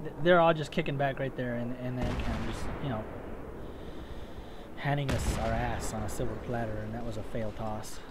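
A man's voice: mid-range voice, steady tone, normal speed, heavy background noise. A man giving rambling, self-mocking voice-over commentary on his own gameplay, easily getting worked up. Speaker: gaming commentator.

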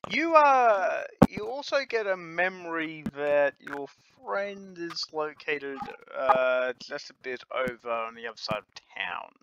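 Male game master, slow lively storytelling, very animated pitch, dull lo-fi mic with faint hiss. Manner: unhurried, lively storytelling with light laughter. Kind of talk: narrating a tabletop game.

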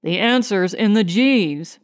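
A woman's voice: mid-range voice, lively intonation, takes it slowly. A woman narrator voicing a grim, tense male starship scientist in a clipped way.

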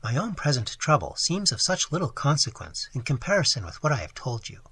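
A man voicing a hushed, scheming young lady. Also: medium pitch, big pitch swings, a little fast, breathy edge, full character voice. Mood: confiding. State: hoarse. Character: scheming genteel young woman feigning distress.

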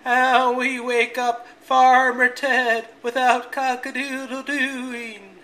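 A reader voicing a flock of worried sheep, high and loud with a bleating edge. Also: little pitch movement, takes it slowly, exaggerated voice.

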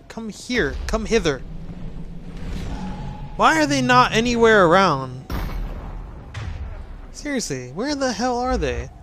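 A man's voice: high-pitched, fairly bright tone, slight background noise. A man giving casual game commentary, sarcastically ranting at a glitchy game. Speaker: gaming commentator.

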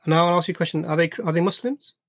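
A man's voice: fairly high pitch, fairly even intonation, racing, dry recording, clean studio sound. A man hosting a live panel discussion, patient and asking leading questions. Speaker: panel host. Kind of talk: live stream debate discussion.

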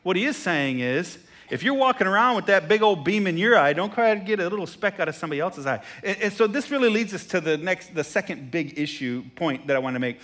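A man preaching a sermon as pastor, animated and jokey, who repeats phrases and asks the congregation questions. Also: high voice, quick pace, hardly any pauses. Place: church sanctuary.

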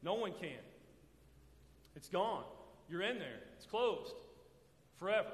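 A man's voice: high-pitched, very animated, takes it slowly, long pauses. A man preaching a sermon in a church, drawing call-and-response answers from the congregation by having them finish his sentences. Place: church sanctuary. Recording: echoey hall with long reverb.

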